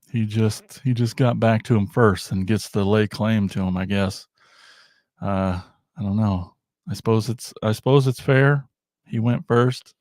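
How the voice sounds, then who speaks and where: A man's voice: fairly low pitch, darkish tone, no echo, clean studio sound. Rambling man hosting a toy unboxing stream. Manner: rambling, self-deprecating, jokey. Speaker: toy podcast host. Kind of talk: casual livestream chat.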